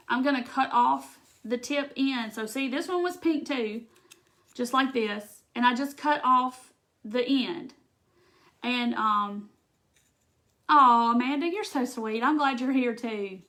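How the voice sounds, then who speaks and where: A woman's voice: high-pitched, fairly bright tone. Chatty woman crafting live. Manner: chatty, emotional, rambling with many restarts. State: tearful at times. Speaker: craft livestream host. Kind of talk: casual livestream chat while crafting.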